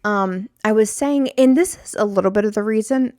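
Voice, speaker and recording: On her solo podcast, the host wanders from tangent to tangent, chatting loosely and poking fun at herself. Her medium-pitched, slightly mellow voice moves at a moderate pace in a dry, clean studio recording.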